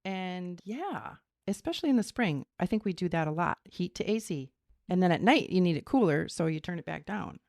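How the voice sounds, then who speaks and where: A middle-aged woman, co-hosting a podcast in casual, animated chat. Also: on the low side, a little fast, no echo, studio quality. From Minnesota. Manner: animated, explains theories, laughs. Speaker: podcast co-host.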